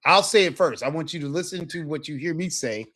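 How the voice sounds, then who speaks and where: A man's voice: a little high, a little fast, fairly bright tone. A man teaching a live Spanish lesson, encouraging his student and checking in with frequent questions.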